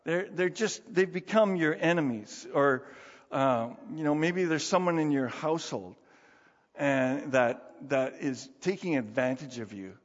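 Middle-aged male pastor, lively conversational sermon, fairly high voice, dull reverberant hall sound. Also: unhurried. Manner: animated, conversational, with laughs and rhetorical questions.

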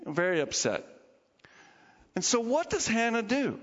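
A man pastor preaching a sermon, telling stories with animated quoted voices and small chuckles. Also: very high-pitched, measured pace. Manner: storytelling with acted quotes and chuckles. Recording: dull lo-fi hall reverb.

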